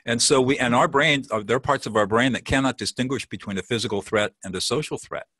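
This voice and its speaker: A man's voice: medium pitch, quick pace, sharp tone, dry recording. A man teaching as an interview guest. He explains with confidence and acts out short example phrases. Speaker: peacemaker and mediation teacher, guest.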